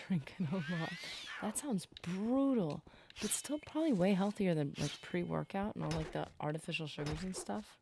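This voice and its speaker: Lady streamer chatting away while she plays, lowish voice with lots of fry. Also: background noise. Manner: chatty, rambling, talks to chat while playing. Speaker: game streamer. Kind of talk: casual live-stream commentary.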